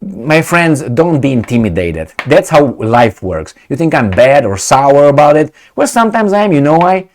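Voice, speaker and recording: A man's voice: on the high side, big pitch swings, moderate pace, hardly any pauses. A middle-aged man from Romania giving a heated, sarcastic video commentary, mocking and ranting at his viewers.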